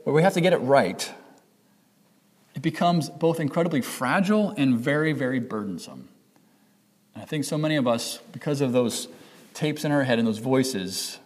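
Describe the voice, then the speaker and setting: In a large hall, a man with a mid-range, darkish voice preaches a sermon as pastor. He speaks conversationally, correcting himself and acting out the voices people hear in their heads.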